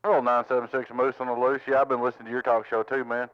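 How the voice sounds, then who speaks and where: Recording the CB channel from home with a handheld radio mic, this Tennessee man speaks quickly in a mid-range, fairly flat voice, with the highs cut off and faint music behind. His casual chatter is friendly, drawling out repeated call signs and greetings.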